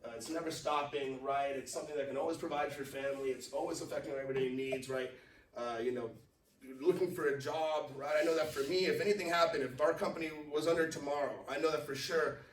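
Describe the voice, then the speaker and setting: A man running a live business presentation, talking casually and checking in with his listeners at every turn. His voice sits a little high. He is picked up from far off in an echoey room with faint background hum. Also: fairly even intonation, fast talker. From Los Angeles. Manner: conversational, keeps checking in with "right?". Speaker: company CEO presenting to a business network. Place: meeting room. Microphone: far from the mic.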